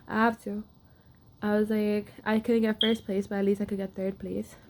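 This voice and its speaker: A woman's voice: medium pitch, flat delivery, moderate pace, background noise. A young woman athlete casually telling a personal story to camera, with lots of filler words. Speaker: wrestler.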